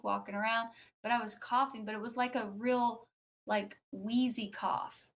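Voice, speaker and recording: As a guest on a podcast, a woman whose voice sits somewhat high recounts a personal story in loose, conversational fashion. She's animated, acting out what other people said, and her telling is punctuated by fillers and false starts.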